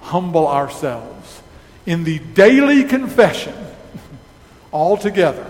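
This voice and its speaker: A man pastor giving a sermon in a church, preaching slowly and emphatically and closing in prayer. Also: high-pitched, very animated. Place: church sanctuary. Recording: echoey hall with faint noise.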